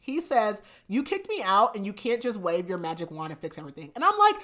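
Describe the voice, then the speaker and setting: A woman hosting a podcast, casually retelling a novel's plot with animated quoted dialogue and frequent laughs. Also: mid-range voice, fairly quick. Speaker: podcast host. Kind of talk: casual book recap chat.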